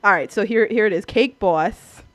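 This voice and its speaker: A woman's voice: medium pitch, normal speed, fairly bright tone, no echo. A woman co-hosting a podcast in casual chat, giggling often and filling her talk with "like". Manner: giggly, filler-heavy, chatty. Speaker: podcast co-host.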